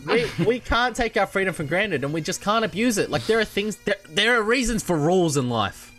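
An Australian podcast co-host chatting with friends. His voice sits a little high and swings widely in pitch. The tone is bright and punchy, and he cracks jokes and laughs readily. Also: fairly quick, faint music behind. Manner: animated, jokey, laughs often. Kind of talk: casual chat.

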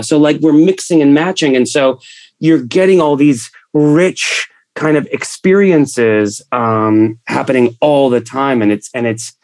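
A man's voice: medium pitch, a little mellow. A man talking as a guest actor in casual conversation, rambling and often repeating his words.

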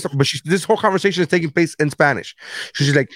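A man's voice: on the high side, rapid-fire, fairly bright tone. Crude laughing podcast host, man. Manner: crude storytelling, laughs often. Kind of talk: casual comedic chat.

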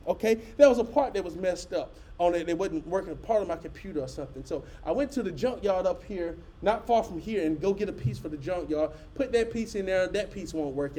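Middle-aged preacher, high mellow voice, animated folksy storytelling, talks straight to the congregation. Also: male voice. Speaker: pastor. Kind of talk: storytelling sermon.

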